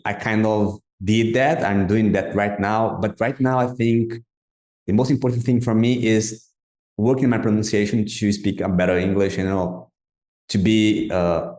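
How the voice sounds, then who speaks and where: Lower-voiced man, halting learner's English, roomy echo. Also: a little mellow. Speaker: podcast host, interviewer. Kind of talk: casual interview chat.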